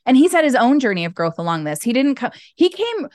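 Woman, middle-aged, podcast guest, animated storytelling, fairly high voice, dry close sound. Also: quick pace, dry recording. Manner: animated, acts out childhood voices with jumps in pitch. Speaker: podcast guest, business owner. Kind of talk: casual conversational storytelling.

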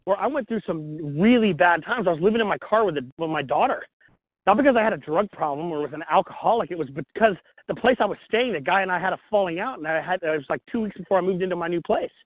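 High-voiced, blunt man telling his story. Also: fast, no echo, poor audio. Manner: blunt, energetic, casual swearing. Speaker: guest. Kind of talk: candid interview storytelling.

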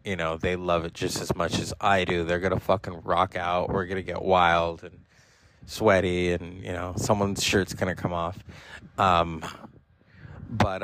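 Low gravelly man telling rambling stories. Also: fairly bright tone, a little hiss or hum, poor audio. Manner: rambling, profane, with frequent fillers. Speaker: podcast host. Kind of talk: casual personal storytelling.

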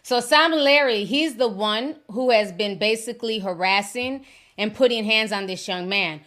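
A woman hosts her own commentary vlog, blunt and sassy as she talks straight to her viewers. Her voice sits a little high and sounds bright and forward. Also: normal speed. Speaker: host. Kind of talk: celebrity news commentary.

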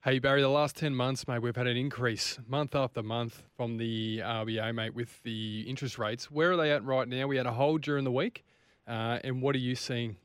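A man's voice: mid-range voice, fairly even intonation, normal speed, smooth, dry recording, studio quality. An Australian man co-hosting a casual radio show, matey and chatty. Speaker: radio co-host. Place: radio studio.

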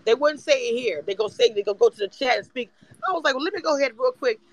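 A man's voice: extremely high pitch, animated, quick pace, fairly bright tone, low-quality recording. A man hosting a live audio chat room, ranting in a profane, fired-up casual way. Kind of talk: heated casual fan talk.

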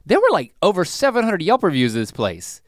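A man's voice: sits high, wildly swooping pitch, a little fast, dry recording, clean studio sound. A man co-hosting a casual chat, bantering and teasing in a playful way. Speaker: podcast co-host.

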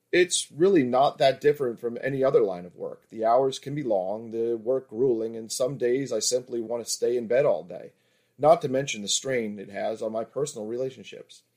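A man's voice: medium pitch, moderate pace, a little mellow, close to an everyday voice. Man voicing a frank, confident female escort. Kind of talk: erotic story reading.

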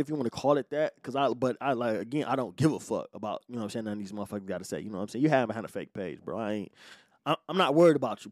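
A man hosts his own podcast and tells a story heavy with swearing. His mid-range voice swings from calm talk to heated shouting. He is close on a dry mic in a small room. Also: medium pitch, no echo. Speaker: podcast host. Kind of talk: solo podcast monologue.

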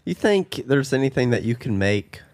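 A man's voice: medium pitch, sing-song, moderate pace, a little mellow, no echo. Curious young man, dry close sound. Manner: curious, asks questions. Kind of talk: casual chat.

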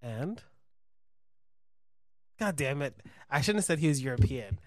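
A man chatting casually, telling an animated story with lots of swearing and laughing. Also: mid-range voice, a little slow, no room sound, clean studio sound. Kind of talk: casual podcast chat.

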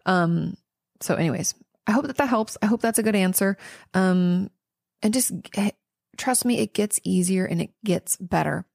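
Gravelly-voiced woman giving earnest advice. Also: mid-range voice, moderate pace, a little mellow, dry recording, clean studio sound. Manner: earnest, reassuring, many ums and restarts. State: tired and yawning. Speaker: podcast host answering audience questions. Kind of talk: casual advice talk.

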